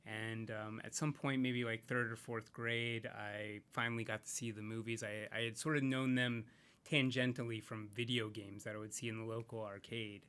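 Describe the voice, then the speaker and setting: A man's voice: on the low side, little pitch movement, normal speed, a bit bright, smooth. A man talking casually as a podcast guest, rambling and reflective, with many fillers and restarts. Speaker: podcast guest, comics creator. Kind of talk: casual interview chat.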